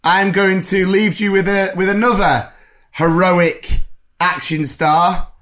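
A man's voice: high voice, steady tone, slow pace, sharp tone. A man co-hosting a podcast in casual chat, chatty and laughing often as he rambles through the sign-off. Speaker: podcast co-host.

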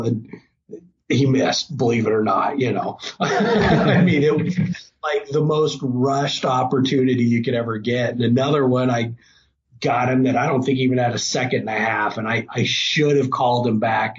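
A middle-aged man sits at an average pitch and tells a hunting tale in a loose, casual way, slipping into lively, excited quotes. The recording sounds a little dull, with a faint hiss underneath. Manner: animated, breaks into excited quoting. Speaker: hunting guest. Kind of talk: casual storytelling.

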